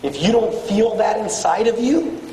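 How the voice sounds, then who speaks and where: A man giving a blunt, profane motivational speech to a room of salespeople, swinging between shouting and low, intense tones. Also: animated, normal speed, a little hiss or hum. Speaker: motivational speaker at a sales retreat. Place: large hall with an audience. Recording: echoey hall from far off with faint ambience.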